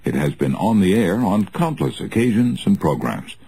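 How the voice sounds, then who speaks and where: A man reading a nonfiction audiobook aloud in an earnest, measured way with expressive rises. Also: low-pitched, creaky, breathy edge, low-quality recording. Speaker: audiobook narrator.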